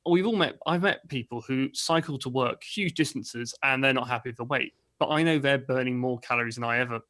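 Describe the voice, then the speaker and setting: Fast-talking, thoughtful middle-aged man. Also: medium pitch, pushed and bright. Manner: thoughtful and reasoned, with many fillers. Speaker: co-host of a livestream chat show. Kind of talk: casual chat. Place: at home.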